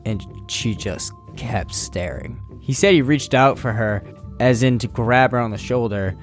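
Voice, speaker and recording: Male podcast co-host, plain mid voice, casual profane story reader. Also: mid-range voice. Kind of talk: reading a scary story aloud.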